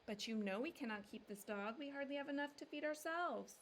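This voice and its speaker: A woman's voice: high-pitched, expressive, fairly quick, slight background noise, voice pushed up. A woman voicing a kindly, wise old father who quotes proverbs and calls out with joy. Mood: gentle. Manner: sage, proverb-quoting, exclaiming with joy.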